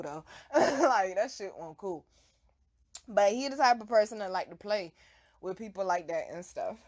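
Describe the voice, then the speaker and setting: A young adult woman telling a casual, animated story full of laughter and profane slang. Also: a little high. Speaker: vlog host.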